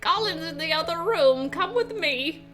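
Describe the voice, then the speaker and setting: A woman's voice: very high-pitched, lively intonation, a little slow, fairly bright tone, pitched above the performer's own voice, full character voice. Sophia, a woman putting on a little old grandma. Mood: quaint. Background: video game music.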